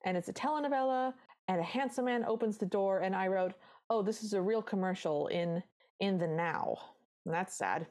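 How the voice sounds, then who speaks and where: A woman's voice: mid-range voice, moderate pace, darkish tone. A woman co-hosting a podcast, recapping a movie in casual chat with wry asides. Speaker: podcast co-host.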